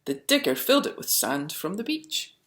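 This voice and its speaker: A woman reading a picture book aloud, slowly and expressively. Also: sits low, slight background noise. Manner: slow and expressive. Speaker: storyteller. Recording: roomy echo.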